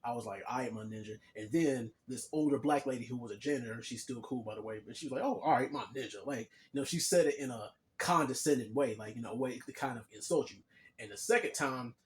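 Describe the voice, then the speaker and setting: A man's voice: mid-range voice, fast. Young adult male vlogger with a mid-range voice and an easygoing, rambling delivery full of fillers; faint room noise underneath. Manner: laid-back and chatty, full of "like" and "you know"; addresses viewers directly. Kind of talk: casual storytelling monologue.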